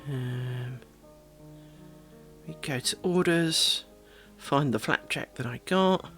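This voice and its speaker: A woman's voice: a bass voice, takes it slowly, a bit bright, soft background music. A woman from Britain chatting casually on a craft live stream, talking to her viewers and fussing over her dogs.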